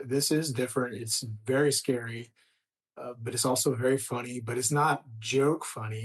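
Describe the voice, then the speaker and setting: A middle-aged man, a screenwriter chatting as an interview guest, rambling with many restarts and trailing off softly. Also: medium pitch. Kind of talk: casual interview conversation.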